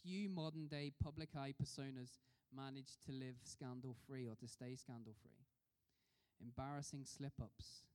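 A man's voice: medium pitch, fairly even intonation, normal speed, darkish tone, smooth. A man preaching a sermon in a conversational way, putting questions to the congregation. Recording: long reverb of a hall.

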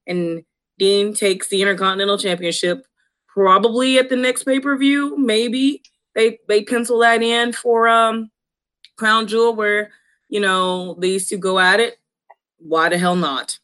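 Co-host, casual and sure of his or her calls, mid-pitched voice. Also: fairly bright tone. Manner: confident, opinionated predictions. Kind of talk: casual chat.

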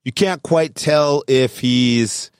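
A man's voice: medium pitch, takes it slowly, smooth, dry recording, clean studio sound. A man hosting a casual chat, setting up hypothetical scenarios in a narrating way. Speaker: host posing scenarios.

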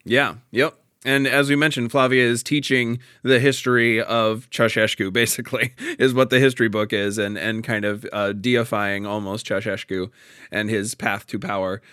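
A man's voice: lowish voice, level tone, moderate pace, sharp tone, clean tone, no echo, studio quality. A man in a casual, thoughtful discussion of a play, often restarting his sentences and laughing lightly.

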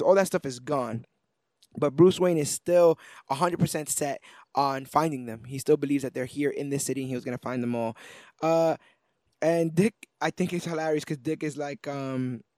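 A man on a comic book review podcast recaps the plot with lively energy, slipping into the characters' lines as he goes. His voice sits a little high for a man. The sound is dry and close, with no room in it. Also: normal speed, no echo. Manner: animated retelling, acts out characters' lines. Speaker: podcast co-host.

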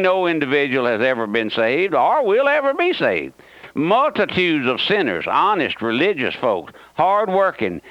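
A man's voice: fairly high pitch, a bit bright, no room sound. A man preaching a radio sermon in a folksy, emphatic way, with many fillers and restarts. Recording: dull, dry radio broadcast.

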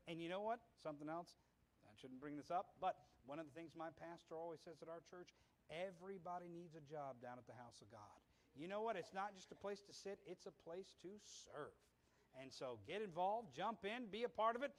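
A man preaching a sermon in a folksy storytelling way, rising to loud fervent exhortation. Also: on the high side, lively intonation, fairly quick. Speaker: visiting missionary preacher.

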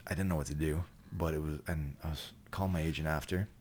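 Low-pitched man, podcast guest, loose and profane, keeps restarting his sentences. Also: fairly even intonation, quick pace, darkish tone, breathy edge. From Canada. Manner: profane, rambling, with many restarts. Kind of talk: casual storytelling chat.

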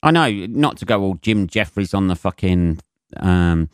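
British man, low voice, smooth, dry close sound, profane solo rant. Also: expressive, a little slow, dry recording. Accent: British English. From Britain. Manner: sweary, rambling, mocks with put-on voices. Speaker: podcast host.

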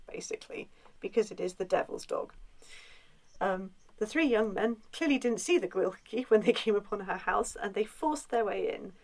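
A woman telling a spooky folk tale in a relaxed, chatty way, with frequent filler sounds. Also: medium pitch, poor audio. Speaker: storyteller. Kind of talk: conversational folklore storytelling.

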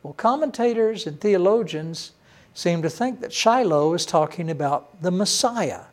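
High-voiced man preaching emphatically. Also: expressive, a little mellow. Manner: emphatic, slows to stress key words; repeats phrases for emphasis. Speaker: pastor. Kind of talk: sermon.

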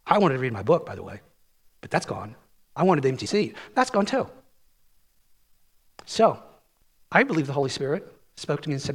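A man preaching a sermon, telling a personal story with lively ups and downs in his voice. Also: moderate pace, long pauses, husky. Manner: storytelling with lively pitch swings.

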